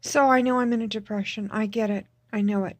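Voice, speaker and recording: A woman recording a personal video diary, speaking in a subdued, tearful, halting way and repeating herself. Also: medium pitch, steady tone, no echo. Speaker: vlogger.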